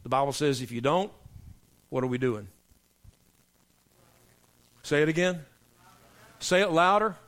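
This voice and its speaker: A middle-aged male pastor preaching a sermon to his congregation, emphatic and preacherly, dropping low for punchlines. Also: lively intonation, unhurried, pauses often, fairly bright tone. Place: church sanctuary.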